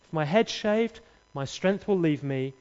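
Preacher, dramatic storyteller, slow and lively, dull reverberant hall. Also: male voice, a little high, clear, resonant tone. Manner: dramatic storyteller, humorous asides. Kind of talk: sermon with acted dialogue. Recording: echoey, dull hall recording.

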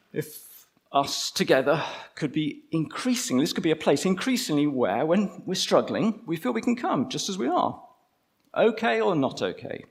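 A man delivers a sermon in an easy, conversational way, stretching out the phrases he wants to land. His voice sits fairly high and swings widely in pitch. A gravelly edge runs under his words. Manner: conversational, slows down to stress key phrases. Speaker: preacher.

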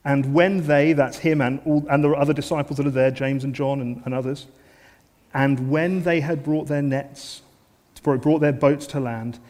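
A male preacher earnestly delivers a sermon in a voice slightly higher than most men's, often dropping into soft, intense phrases for emphasis. The long reverb of a large church hall surrounds the sound.

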